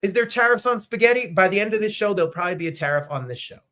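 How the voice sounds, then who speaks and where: A man hosting a live online show, chatting casually and animatedly, with sudden jumps to loud, high outbursts. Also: animated, rapid-fire. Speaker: host. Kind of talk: casual livestream chat.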